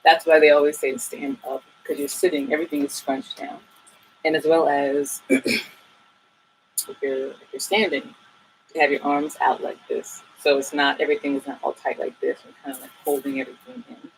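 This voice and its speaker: A woman teaching saxophone in a relaxed, chatty way, with many fillers and asides. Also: low-pitched, moderate pace, slight background noise, low-quality recording. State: a bit out of breath at times. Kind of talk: casual tutorial talk.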